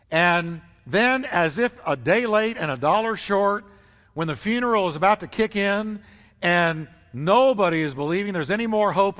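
A man preaching a sermon as pastor, emphatic and dramatic, repeating phrases and swinging his pitch for effect. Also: sharp tone. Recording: long reverb of a large hall.

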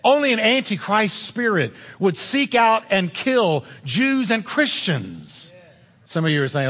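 A man with a high voice preaches a sermon, pressing his points home with emphatic, insistent direct address. His voice rings out in a church sanctuary with a long hall reverb trailing each phrase. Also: very animated, normal speed, a bit bright. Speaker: pastor.

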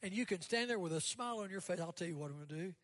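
A guest pastor, a man, preaching a sermon and leading an altar call, swinging between loud rising bursts and quiet, dropped lists. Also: high-pitched, lively intonation, racing, dry recording. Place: church sanctuary.

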